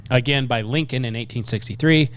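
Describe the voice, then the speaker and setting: A man with an even, middle-pitched voice co-hosts a talk podcast. He reads historical quotes aloud with deliberate emphasis. The sound is dry and close, with no room echo. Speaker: podcast co-host. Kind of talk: casual chat, reading quotes aloud.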